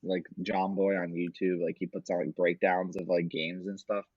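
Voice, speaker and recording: Low husky man, casual sports talk. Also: level tone, normal speed, no room sound, muffled recording. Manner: loose, rambling, swears a lot. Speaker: podcast co-host.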